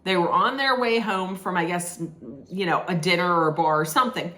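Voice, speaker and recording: This movie reviewer's voice sits on the low side, a bit bright and a little fast. She gives a rambling, casual spoiler recap of a film, full of restarts and "like."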